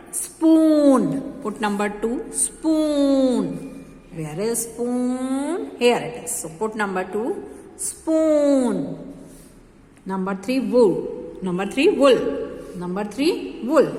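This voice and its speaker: A woman, a kindergarten teacher, slowly repeating phonics words for young children. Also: mid-range voice. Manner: slow, drawn-out word repetition, stretching vowels. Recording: echoey room with long reverb.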